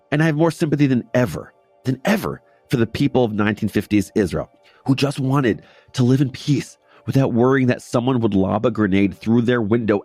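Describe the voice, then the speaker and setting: A man's voice: fairly low pitch, a little mellow, no echo. A man hosting a history podcast, narrating a script with casual asides and repeating phrases for emphasis.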